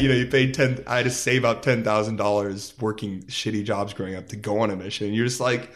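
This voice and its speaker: A man's voice: medium pitch, fast talker, hardly any pauses. A man in his thirties, a musician, telling stories in a casual interview and acting out quoted voices. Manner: animated, full of "like" and quoted voices. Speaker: musician guest.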